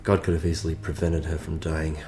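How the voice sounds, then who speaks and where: An actor playing a troubled man who blames himself for his mother's death, quiet and weary. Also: very deep voice, completely flat delivery, a little fast, soft background music.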